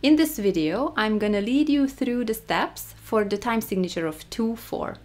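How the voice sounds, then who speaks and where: A woman's voice: fairly high pitch, lively intonation, moderate pace, a little mellow. A woman with a Hungarian accent teaching a rhythm lesson, counting the beats aloud and stressing the first. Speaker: music teacher.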